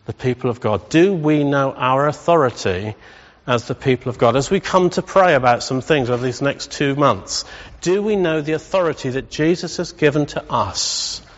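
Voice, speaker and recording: A man's voice: medium pitch, animated, normal speed. A middle-aged man preaching a sermon in a church, emphatic and building to rousing repetition. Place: church hall. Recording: dull reverberant church hall.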